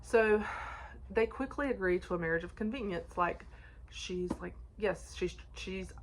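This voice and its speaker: A woman's voice: medium pitch, a little slow, slight background noise. A woman chatting casually about books she read, talking in a rambling way with many restarts and small laughs. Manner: chatty, frequent restarts and fillers, laughs often. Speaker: book reviewer. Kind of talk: casual book review chat.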